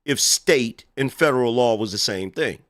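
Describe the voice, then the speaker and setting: Bright-voiced sarcastic male commentator. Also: mid-range voice, expressive, normal speed. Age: middle-aged. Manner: sarcastic, indignant, mocking asides. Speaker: political commentator. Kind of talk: reaction commentary on a clip.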